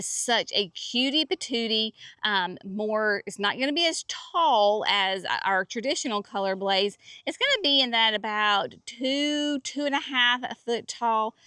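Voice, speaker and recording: A woman's voice: on the high side, bright, forceful tone, dry recording. A woman from North Carolina, chatting folksily and with enthusiasm as she hosts a walk through her garden. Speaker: garden center host. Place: outdoor garden.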